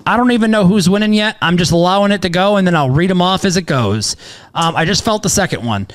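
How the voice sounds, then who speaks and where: A man in his thirties hosting a casual podcast, talking in a rambling, excitable way with lots of "um"s and casual swearing. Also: sits high, fast. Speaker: podcast host, sports bettor.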